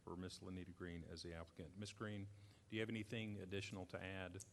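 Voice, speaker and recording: A man chairing a public board meeting, running through motions and votes in brisk, routine procedural phrasing. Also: deep voice, steady tone, a little hiss or hum. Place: community center gym.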